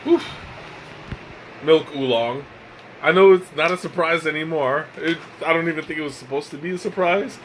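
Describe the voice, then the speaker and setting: A tired, relaxed man hosting a live tea-tasting stream, chatting casually and rambling with lots of fillers and restarts. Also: on the high side, moderate pace, slight background noise, low-quality recording. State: tired and mellow. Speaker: tea livestream host.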